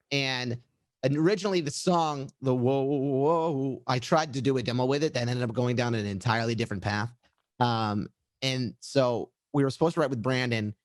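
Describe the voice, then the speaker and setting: A man's voice: mid-range voice, dry recording. Chatty man telling a studio story. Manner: rambling, animated, full of fillers and restarts. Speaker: musician. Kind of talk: casual storytelling interview.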